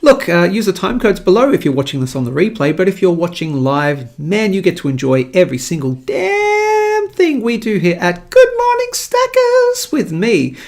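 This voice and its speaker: A man's voice: high voice, sing-song, moderate pace, creaky, few pauses. A man with an Australian accent hosting a live market show, chatting in an upbeat, jokey way. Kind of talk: casual live-stream commentary.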